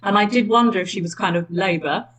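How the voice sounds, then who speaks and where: A middle-aged woman with a Swindon accent, recounting events in casual, animated conversation. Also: mid-range voice, fast talker, breathy edge, rough recording. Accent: English, Swindon. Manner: chatty, animated storytelling with restarts. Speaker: independent election candidate.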